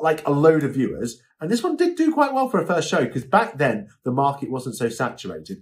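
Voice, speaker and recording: A young British man giving a chatty, casual lesson as a live-selling coach, often acting out voices as he explains. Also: medium pitch. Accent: British English. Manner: chatty, animated, acts out quoted voices. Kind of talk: casual instructional talk.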